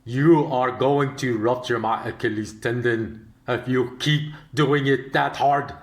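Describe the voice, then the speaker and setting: A man putting on a West African accent to play a huge, muscular male training partner with a deep voice, who pleads urgently, in a roomy, echoey recording. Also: steady tone, a little slow, natural voice. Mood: pleading.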